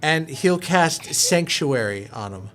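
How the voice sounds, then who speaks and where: A man's voice: on the high side, expressive, slow, fairly bright tone, faint music behind. A man playing a tabletop game who explains his moves carefully. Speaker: player.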